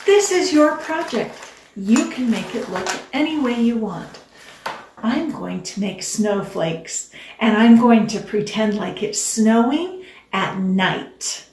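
An older woman hosting a children's show, teaching gently and patiently, explaining step by step. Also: fairly high pitch, lively intonation, slow pace, reverberant, recorded from a distance, slight background noise.

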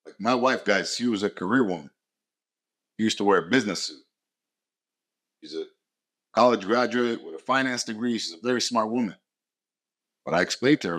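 Guy with a lowish voice doing a motivational podcast rant, swears a lot, blunt and punchy. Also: fairly quick, pauses often, a bit bright. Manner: blunt, profane and emphatic; repeats short punchy phrases. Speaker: podcast host.

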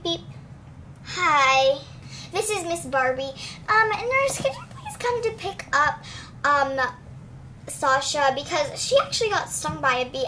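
A woman's voice: sits high, a bit bright, a little hiss or hum, full character voice. A woman voicing a kind, busy daycare teacher doll in doll play, chatty and soothing toward the children.

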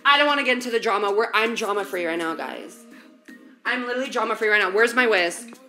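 A young woman talks her viewers through a recipe in a home kitchen, full of valley-girl slang and casual swearing. Her voice sits a little high and sounds bright and forward. Faint music plays in the background. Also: quick pace. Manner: valley-girl slang, profane, chatty, talks straight to chat. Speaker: streamer. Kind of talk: casual baking livestream chat.

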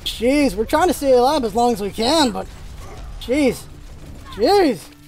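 A gaming channel host giving live gameplay commentary, excitable and firing off rapid callouts to teammates. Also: mid-range voice, soft background music.

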